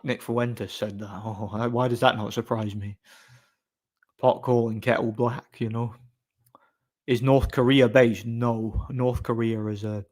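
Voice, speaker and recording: A man chatting casually on a live stream, answering chat in a blunt, opinionated, rambling way. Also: mid-range voice.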